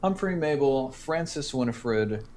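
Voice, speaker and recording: A man at a middle pitch running a tabletop game as game master. He talks casually, padding his narration with fillers and restarts. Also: animated, measured pace, darkish tone, slight background noise. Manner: casual, hesitant, many "like" and "um" fillers.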